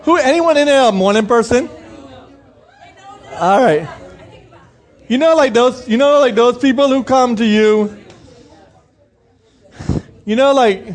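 A man's voice: extremely high pitch, unhurried, pauses often, some chatter behind. A young male pastor giving a sermon in a conversational way, asking the congregation questions and acting out the voices of people he quotes.

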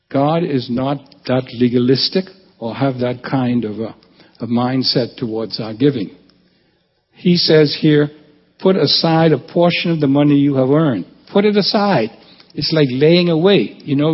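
Male pastor, gravelly and husky, animated sermon delivery, lo-fi church recording with long reverb. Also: mid-range voice. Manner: animated preaching, rising emphasis.

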